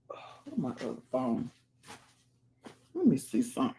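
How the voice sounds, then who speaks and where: A woman's voice: fairly low pitch, husky. A woman hosting a live stream, reading viewer comments aloud in a casual, exclamatory way, with folksy sayings, humming, and whispered asides. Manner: animated and exclamatory, dropping into murmured asides and whispers; folksy sayings and drawn-out hums.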